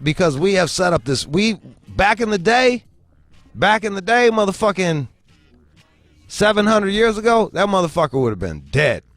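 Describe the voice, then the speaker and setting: A man's voice: high-pitched, normal speed, no echo. Profane ranting man telling a story. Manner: animated storytelling, acts out quoted voices, swears heavily. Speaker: host. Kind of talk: profane comedic rant.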